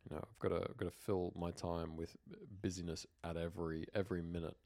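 A man's voice: sits low, little pitch movement, fairly quick, darkish tone. A man with an Australian accent co-hosting a podcast in casual chat, rambling and full of fillers and restarts. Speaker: podcast co-host.

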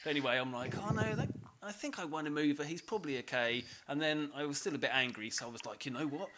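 A man's voice: fairly high pitch, fast, pushed and bright, slight background noise. A man on a podcast, animatedly telling a story through laughter and swearing. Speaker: podcast co-host. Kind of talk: casual storytelling chat.

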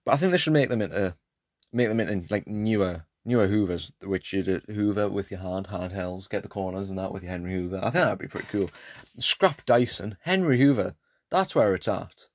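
Young guy from England, lowish and animated, hosts a chatty solo podcast with dry close sound. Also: brisk, no room sound. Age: late teens. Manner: rambling, jokey, self-deprecating. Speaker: podcast host. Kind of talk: casual solo podcast chat.

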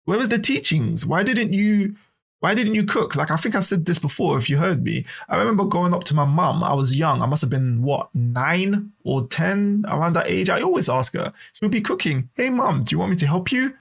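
A man hosting a podcast in a casual, animated way, often repeating his words. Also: fairly high pitch, moderate pace, creaky, breathy edge. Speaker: podcast host.

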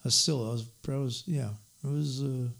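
A man's voice: medium pitch, fairly even intonation, fairly quick, vocal fry, fairly bright tone. Man telling a rambling story. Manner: rambling, with restarts and laughs. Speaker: bass player and singer. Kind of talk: casual storytelling chat.

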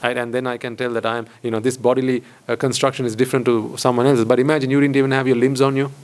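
Monk, male, mid-pitched, rhetorical teaching talk with repeated phrases. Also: level tone, racing. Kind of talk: dharma talk to lay audience. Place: hall with board.

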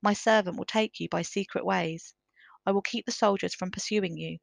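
A woman's voice: medium pitch, steady tone, moderate pace, creaky, dry recording. A woman reading as a brave young lord. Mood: firm. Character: young male pagan lord, calm and brave.

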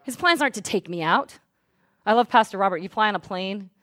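A woman pastor preaching a sermon. She swings from hushed asides to loud, fervent declarations. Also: medium pitch, expressive, a little fast, dry recording. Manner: speaks in tongues at full volume.

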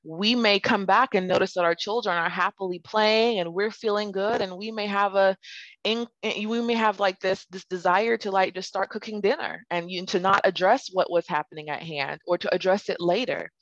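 A woman giving a relaxed, rambling spiritual talk on conscious parenting, with many fillers and restarts. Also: medium pitch, normal speed, no room sound. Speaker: parenting speaker. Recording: dry, slightly dull lo-fi sound.

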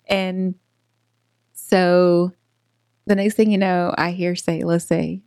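A woman co-hosting a podcast, telling a story in a lively way with frequent laughter and acted-out quotes. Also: medium pitch, takes it slowly, no room sound, studio quality. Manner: animated, laughing, acts out quotes. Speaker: podcast co-host. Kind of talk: casual storytelling chat.

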